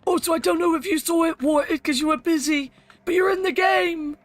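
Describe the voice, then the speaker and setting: A woman's voice: extremely high pitch, steady tone, fairly quick. A young adult woman streaming a game, chatting casually with viewers and laughing often. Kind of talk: casual gaming commentary.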